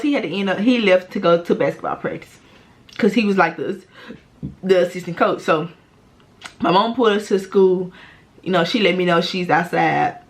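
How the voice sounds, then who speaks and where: Profane, animated young woman storyteller. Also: on the low side. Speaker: vlogger. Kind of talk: casual storytime vlog.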